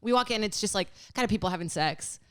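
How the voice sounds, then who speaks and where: Fast-talking woman telling a frank story. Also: medium pitch, clean tone, no room sound. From Brazil. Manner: chatty, frank, heavy use of "like". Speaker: comedian guest. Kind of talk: casual podcast storytelling.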